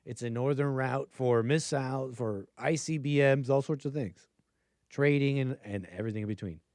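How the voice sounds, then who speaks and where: Male stream host, casual rambling commentary full of fillers, medium pitch, dry close-mic sound. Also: normal speed, darkish tone, no echo. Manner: rambling with many fillers and restarts, chuckling asides. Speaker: political commentary livestream host.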